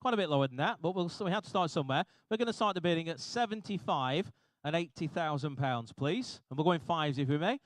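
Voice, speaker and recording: A man working as an auctioneer, calling bids briskly and repetitively with jokey asides to the room. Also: fairly high pitch, animated, no echo. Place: auction hall.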